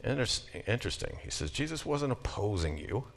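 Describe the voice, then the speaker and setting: Lively lecturing man reading scripture aloud. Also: mid-range voice, a little fast, vocal fry. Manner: conversational, reads passages aloud with rising emphasis.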